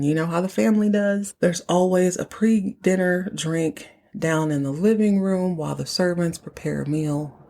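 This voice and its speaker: A woman with a fairly low-pitched speaking voice hosts a casual podcast recap. She talks in a chatty, animated way and slips into the characters' lines as she retells the episode. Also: creaky. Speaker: podcast host.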